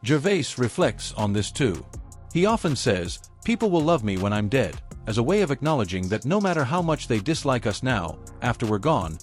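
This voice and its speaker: A man reading scripted documentary narration in a reflective, measured way. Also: medium pitch, very animated, faint music behind.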